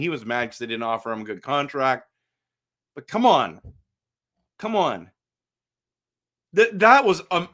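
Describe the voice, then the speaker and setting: Middle-aged male vlog host, slightly higher voice, chatty and animated, addresses viewers directly, loose and repetitive delivery. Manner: frequent repetitions and restarts. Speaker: hockey fan channel host. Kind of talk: casual fan commentary vlog.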